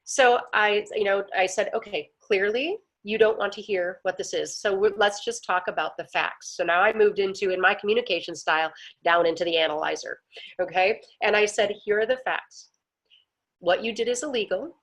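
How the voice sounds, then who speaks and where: A woman's voice: mid-range voice, normal speed. Woman telling a story for a lesson. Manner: animated storyteller acting out quoted voices. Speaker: teacher of a wisdom class. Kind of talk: personal story told as a lesson.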